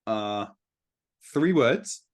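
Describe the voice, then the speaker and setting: A man co-hosting a casual podcast, cracking quick, dry jokes. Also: mid-range voice, lively intonation, noisy background. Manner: quick dry quips, jokey. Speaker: podcast co-host. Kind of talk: casual chat.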